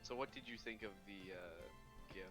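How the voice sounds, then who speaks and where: A man's voice: fairly low pitch, normal speed, over music, low-quality recording. A man chatting casually while playing a game together, joking and reading lines aloud. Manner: playful, reads game lines in character voices. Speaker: co-player voicing game characters. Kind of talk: casual let's-play chat.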